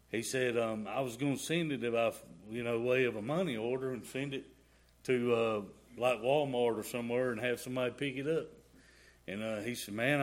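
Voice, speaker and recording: A middle-aged man giving a rambling, folksy testimony in a church. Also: medium pitch. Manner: rambling folksy storytelling, y'all and ain't. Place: church sanctuary.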